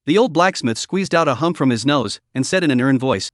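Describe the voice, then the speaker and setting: A man's voice: mid-range voice, fairly quick, hardly any pauses, no room sound. Man narrating a manhwa recap, dry. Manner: reads every part in one flat voice.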